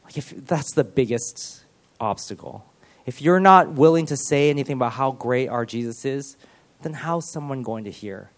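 A man giving a sermon, speaking earnestly and with animation, often restarting his phrases. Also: mid-range voice. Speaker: preacher.

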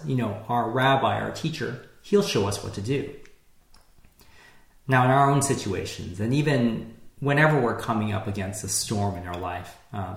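A man preaching a sermon in a relaxed, conversational way, with frequent fillers and restarts. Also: fairly low pitch, gravelly, echoey room. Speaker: pastor.

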